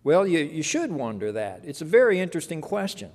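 A man preaching a sermon, telling a story with lively delivery and acting out voices. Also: on the high side, fairly quick, in a large hall. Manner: animated storytelling, acts out voices.

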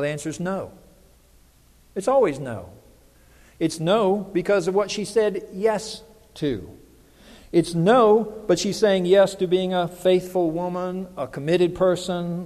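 A man's voice: on the high side, darkish tone, long reverb tail. A man preaching a sermon in a conversational way, often putting questions to the congregation.

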